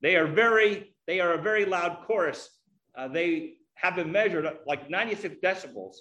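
Bright-voiced man preaching a sermon. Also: high voice, normal speed, highs cut off. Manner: earnest, teaching.

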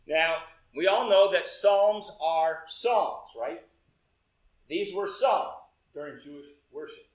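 Male pastor, high-pitched, unhurried delivery, roomy church sound. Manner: unhurried, talks to congregation with "right?" checks. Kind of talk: sermon with congregational reading. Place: church sanctuary. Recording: echoey church room.

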